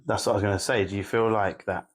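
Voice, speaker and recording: A man's voice: on the low side, steady tone, fast. A man co-hosting a podcast, listening supportively and reflecting on growing up with one parent. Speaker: podcast co-host. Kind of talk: candid podcast conversation.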